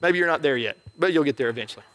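A man's voice: on the high side, animated, rapid-fire, a bit bright. A middle-aged male pastor preaching a sermon in a conversational, joking way, often checking in with the crowd.

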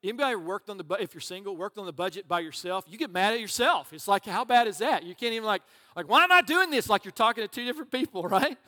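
A man's voice: high-pitched, expressive, fast talker, few pauses, fairly bright tone. A man preaching a sermon as pastor, conversational and joking, with asides to the congregation. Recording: long reverb of a large hall.

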